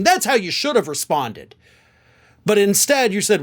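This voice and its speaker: A man from the American South hosting political commentary, sarcastic and animated, with lots of rhetorical questions. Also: high voice, measured pace.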